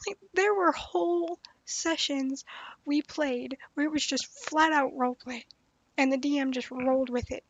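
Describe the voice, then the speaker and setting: High-voiced woman streaming a game. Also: a little slow, no echo. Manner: animated, blunt, swears and laughs often. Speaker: streamer playing a story game. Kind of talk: casual livestream commentary. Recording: dull, dry lo-fi sound.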